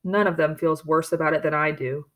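A woman reading the lines of a troubled pioneer father, quiet, sad and resigned. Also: sits low, steady tone, brisk. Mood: sorrowful. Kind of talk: storybook character voice.

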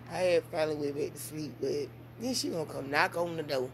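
A mother chatting casually to her vlog audience, telling stories with big swings in pitch and loudness. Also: moderate pace, a little hiss or hum. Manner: animated storytelling with big swings in pitch and volume. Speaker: mother and vlogger.

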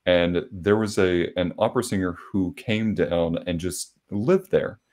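A man with a very low voice hosts a relaxed podcast conversation. He grew up in South Carolina and tells stories at an easy pace, pausing often to gather his thoughts. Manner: unhurried storyteller, frequent filler pauses. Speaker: podcast host. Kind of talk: casual conversation.

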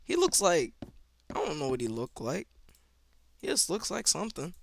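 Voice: medium pitch, moderate pace, gravelly. A gameplay commentator talking to viewers, reacting with panicky exclamations and repeating himself. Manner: excitable, panicky reactions, yelling at monsters; talks to viewers, repeats phrases. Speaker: gameplay video maker.

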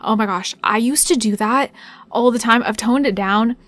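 A young woman chatting her way through a life-sim game, excitable and quick with her words. Her voice sits fairly high, and the sound is close and dry with no room around it. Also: dry recording. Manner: fast-talking, excitable, chatty. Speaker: gaming YouTuber. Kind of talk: casual gameplay commentary.

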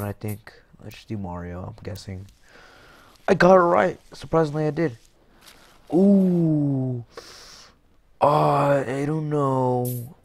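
A young man giving jokey let's-play commentary over a game, excitable, with sudden yelps and shouts. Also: medium pitch. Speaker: gaming YouTuber.

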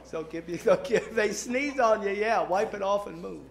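Casting: male pastor, high gravelly voice, chatty jokes then earnest prayer. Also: moderate pace. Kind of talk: sermon announcements and prayer. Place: church sanctuary.

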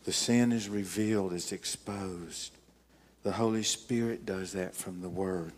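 An older man preaching a sermon as pastor, emphatic, telling stories with dramatic pauses. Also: sits low, steady tone.

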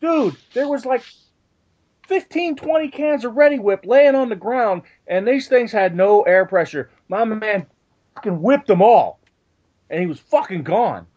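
Excitable high-voiced young man storytelling. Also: unhurried. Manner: rambling and profane, animated when telling stories. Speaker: podcast co-host. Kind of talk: casual chat, storytelling. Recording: dull lo-fi sound.

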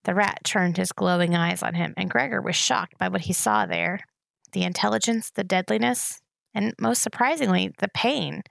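A woman reading a novel aloud in a steady storytelling manner. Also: mid-range voice, normal speed, creaky, no room sound. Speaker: audiobook reader.

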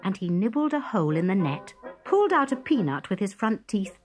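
A woman narrating a children's story in a gentle, expressive storybook manner. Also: medium pitch, brisk. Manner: gentle, expressive read-aloud. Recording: music bed behind.

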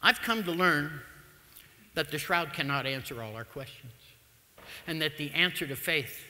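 Older guy giving a funny talk, super bright edgy voice, lively pitch, echoey hall. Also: fairly quick. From United States. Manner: animated, humorous storyteller. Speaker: lecturer. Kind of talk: public talk with storytelling. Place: lecture hall. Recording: long reverb of a lecture hall.

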